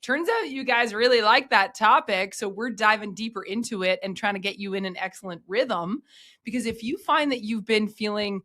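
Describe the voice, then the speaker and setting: A woman's voice: medium pitch, normal speed, bright, forceful tone. A woman hosting a podcast, upbeat and encouraging in casual chat, often laughing. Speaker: podcast host.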